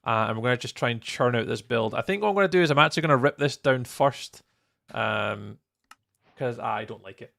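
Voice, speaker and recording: Gravelly Scottish man chatting live. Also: mid-range voice, fairly quick, fairly bright tone. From Scotland. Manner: chatty, greets viewers by name, laughs often. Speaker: live streamer. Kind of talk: casual live-stream chat.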